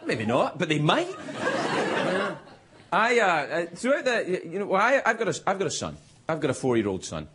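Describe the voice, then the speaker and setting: A middle-aged late-night host delivers a stand-up monologue in a TV studio before a live audience, his fairly high voice swooping wildly in pitch at normal speed, a bit bright. He rambles, interrupts himself and chuckles at his own jokes, with crowd laughter behind him in the noisy studio audio.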